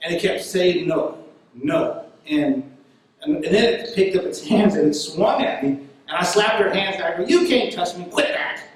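A man preaching a sermon and telling a story in an animated way, laughing now and then. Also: high-pitched, moderate pace, very echoey, far from the mic, a little hiss or hum, rough recording.

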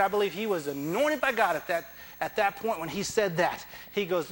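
A man's voice: sits high, animated, moderate pace. A man preaching a sermon in church, impassioned and emphatic, acting out the words of biblical figures. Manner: impassioned, rising to loud emphatic peaks; acts out biblical figures in dramatic dialogue.

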